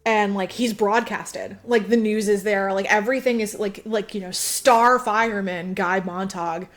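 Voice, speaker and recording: A woman's voice: mid-range voice, fairly even intonation, a little slow. A woman co-hosting a podcast, casually retelling a film plot, acting out quotes and laughing often. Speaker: podcast co-host. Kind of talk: casual movie recap chat.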